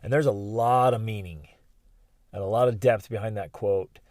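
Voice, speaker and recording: A middle-aged man hosting a podcast, telling personal stories in an animated way and acting out what people said. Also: lowish voice, normal speed, dry recording, studio quality. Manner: animated storyteller, acts out quotes loudly. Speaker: podcast host.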